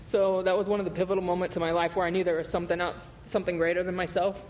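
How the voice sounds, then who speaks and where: A man's voice: high voice, little pitch movement, racing, a little mellow. A man giving a candid, profane recovery testimony as a guest speaker at a meeting, telling his story with laughs. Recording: reverberant hall with faint noise.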